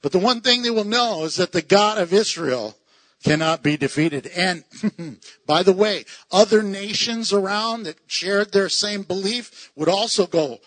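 A man teaching a Bible passage in a lively, excitable way, laughing often and acting out the voices he quotes. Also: high-pitched, measured pace, dry recording. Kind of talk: animated Bible study teaching.

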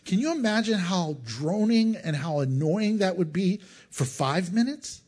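A middle-aged male pastor preaching a sermon, animated and joking, acting out crowd voices as he goes. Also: sits high, unhurried. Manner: animated, acts out crowd voices, jokes and chuckles.

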